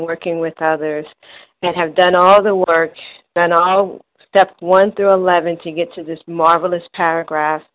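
Low-voiced enthusiastic woman on phone. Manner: emphatic, enthusiastic, reads aloud. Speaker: meeting member sharing. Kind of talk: phone-in recovery meeting share. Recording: tinny phone line.

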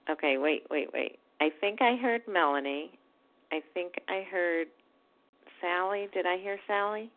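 A woman chairing a group meeting, briskly checking who wants to speak next. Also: fairly low pitch. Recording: phone-like line.

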